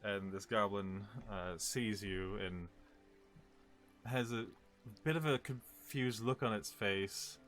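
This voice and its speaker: A man with a lowish voice runs a tabletop game as game master. He rambles, corrects himself and laughs through slip-ups. Quiet music plays in the background. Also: slow.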